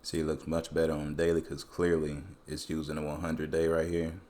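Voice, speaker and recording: Extremely low-pitched and a little fast, a man talks casually through crypto price charts in a screen-recorded analysis. His speech is relaxed, colloquial, and loosely phrased.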